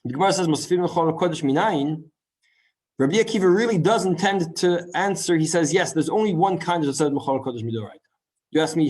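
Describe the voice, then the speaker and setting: A man teaching a Talmud class in a lively lecture style, full of rhetorical questions and quick asides. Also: fairly high pitch. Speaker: Torah teacher.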